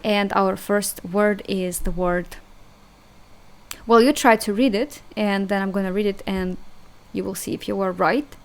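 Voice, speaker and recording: Her voice is mid-range: a young woman, a native Russian speaker with a matching accent, teaching a language lesson online. She's talkative but hesitant, repeating sounds slowly and laughing at herself along the way.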